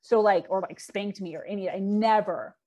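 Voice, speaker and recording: A woman's voice: medium pitch, moderate pace, a little mellow. Candid woman telling a hard story. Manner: frank, fillers and acted-out quotes. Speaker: podcast guest.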